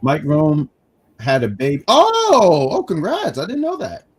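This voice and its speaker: Lively man chatting on a wrestling stream. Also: fairly high pitch, unhurried, slightly rough. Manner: lively, stammering restarts, reads chat comments aloud. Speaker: wrestling review show co-host. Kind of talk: casual live-stream chat.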